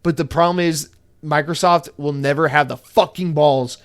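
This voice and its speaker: A man hosting a solo podcast, ranting in a profane, animated and opinionated way. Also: on the high side, moderate pace, clean tone. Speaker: podcast host.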